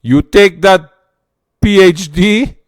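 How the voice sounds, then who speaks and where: A man voicing a domineering man who scolds an educated woman in loud, bullying broken English. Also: sits high, slow, no room sound, clean studio sound, voice pushed up.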